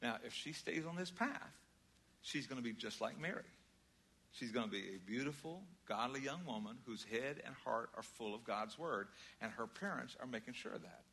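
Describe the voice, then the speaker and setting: Older man preaching, bright voice. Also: medium pitch, expressive, normal speed, husky. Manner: conversational, storytelling, swings from loud emphasis to quiet. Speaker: pastor. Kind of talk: sermon.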